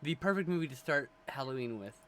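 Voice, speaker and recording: A man co-hosting a casual movie chat show, talking in an animated, opinionated way and sometimes ranting. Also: mid-range voice, fast talker. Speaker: podcast co-host.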